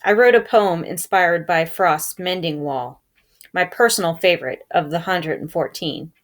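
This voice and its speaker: A woman reading a novel aloud, telling it in a calm first-person storytelling manner. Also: lowish voice, unhurried. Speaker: reader.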